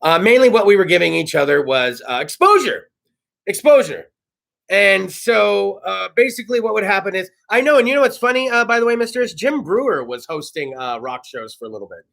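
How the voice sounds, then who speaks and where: Talk-show host, male, 30s: high, gravelly, lively voice, rambling and profane. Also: a little fast, few pauses. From California. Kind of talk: casual monologue. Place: studio.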